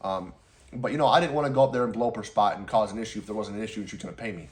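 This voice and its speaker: A man's voice: lowish voice, very fast, darkish tone. A young man who runs a lawn care business, casually telling a story, rambling, laughing often and swearing now and then.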